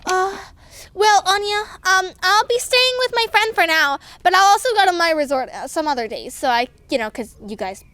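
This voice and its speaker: A woman tells a doll story aloud, voicing every toy herself in a playful, animated way. Her voice sits very high and girlish, and her pitch swoops up and down as she switches between the characters. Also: moderate pace, dry recording.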